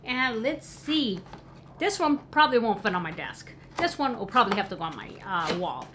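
A woman vlogger unboxing a gift in a casual chat, gushing and excitable, with gasps and soft exclamations. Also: a little high, normal speed, noisy background.

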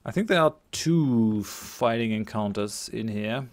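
A man's voice: fairly low pitch, expressive, measured pace. A man hosting a let's play, thinking aloud as he plays and reads game text aloud. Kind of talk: gameplay commentary.

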